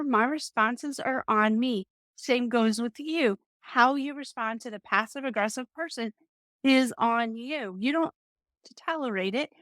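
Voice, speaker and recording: A middle-aged woman coaching listeners in a calm, even way, her voice sitting a little high. The sound is dry and close, with no room around it. She tells a personal story with small restarts. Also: no echo. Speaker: self-help coach. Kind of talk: advice talk with a personal story.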